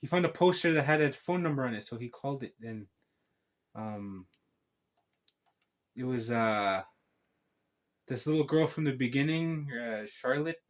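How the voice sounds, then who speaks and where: A man's voice: medium pitch, animated, a little slow, pauses often. A man giving a casual spoken film recap as a reviewer, rambling through a tangled retelling full of restarts.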